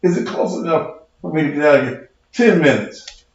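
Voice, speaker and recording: Combative male preacher-host, high lively voice, cussing rant in a very echoey room. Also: normal speed, dull audio. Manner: profane, combative, mocking. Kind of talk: heated livestream rant.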